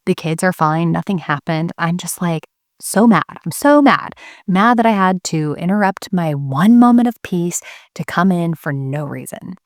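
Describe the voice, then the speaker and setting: A woman's voice: lowish voice, no room sound, clean studio sound. A young woman who teaches Christian homemaking, talking to camera as a candid, earnest storyteller about faith and motherhood. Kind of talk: faith-based talk to camera.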